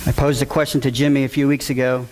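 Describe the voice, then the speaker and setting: A man's voice: mid-range voice, flat delivery, quick pace, darkish tone, a little hiss or hum. A father giving an earnest, emotional testimony to a church audience, repeating key words for emphasis.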